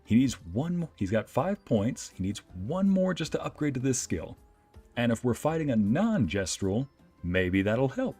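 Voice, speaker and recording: Lively joking male game streamer. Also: medium pitch, moderate pace, husky, faint music behind. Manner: playful, joking, reads game dialogue aloud. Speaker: VTuber streamer and narrator. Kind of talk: let's play commentary.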